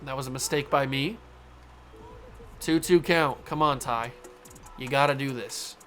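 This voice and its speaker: A man's voice: medium pitch, unhurried, fairly bright tone, faint music behind. A man hosting a gaming channel, giving casual play-by-play of a baseball video game, cheering on his players and correcting his own slips.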